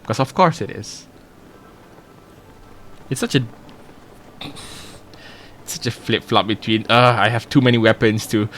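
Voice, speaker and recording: A man's voice: lowish voice, slow pace, long pauses, fairly bright tone, slight background noise. A male streamer giving casual gameplay commentary, talking to himself, humming and joking as he plays. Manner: talks to himself, hums and jokes while playing.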